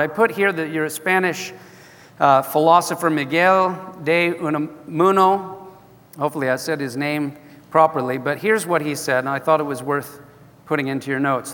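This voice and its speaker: A pastor preaching with earnest emphasis, dropping to a hush and rising again. His voice is bright and sits fairly high. A long hall reverb hangs on every phrase. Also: moderate pace. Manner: earnest, emphatic, swings between loud and hushed. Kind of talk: sermon.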